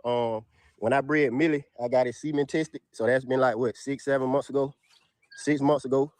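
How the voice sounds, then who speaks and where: A man, casually pitching his dogs for sale to viewers outdoors in his yard, peppering his talk with "y'all". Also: fairly even intonation, normal speed, darkish tone, no echo. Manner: drawls "y'all" constantly, Southern US dialect. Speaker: dog breeder selling dogs.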